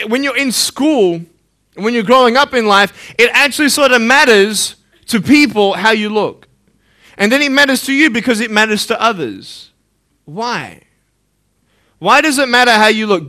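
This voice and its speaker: A man's voice: sits high, bright, forceful tone. A young man giving a live motivational talk to an audience, joking playfully and then turning earnest and searching. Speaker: motivational speaker.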